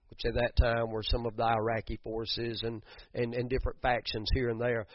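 A man's voice: mid-range voice, completely flat delivery, a little fast, slight background noise. A man preaching a sermon, building to emphatic bursts and repeating words as he goes. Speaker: pastor. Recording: dull muffled sound, dry.

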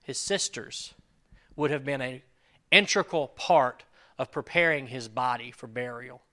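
A man preaching a sermon in an earnest way, swinging between loud emphasis and quiet asides and acting out quoted prayers. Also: medium pitch, a little slow. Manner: acts out quoted prayers and lines. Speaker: pastor.

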